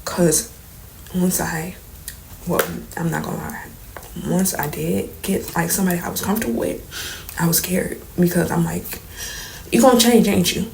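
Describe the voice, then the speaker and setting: A young woman tells a painful story to her viewers, her voice soft and shaky as she fights back tears. Her tone sits fairly low, with a gravelly edge, and it often falls to a near whisper. A faint hiss runs underneath. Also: fairly even intonation, normal speed, poor audio. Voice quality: soft, trembling at times, drops to near whispers. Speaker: vlogger. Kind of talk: emotional storytime confession. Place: indoors, late at night.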